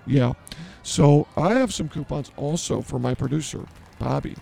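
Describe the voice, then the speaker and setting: A man's voice: on the high side, normal speed, vocal fry, dark tone, slight background noise. A man hosting a comedy podcast who blurts things out and mocks himself in improvised banter. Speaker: podcast host.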